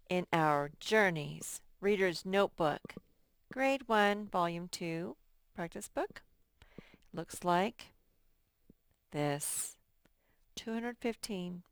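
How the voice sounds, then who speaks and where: Slow, patient woman teaching young children. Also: mid-range voice, clear, resonant tone, no echo, clean studio sound. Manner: slow, patient, thinks aloud while sorting words. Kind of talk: recorded phonics lesson for young children.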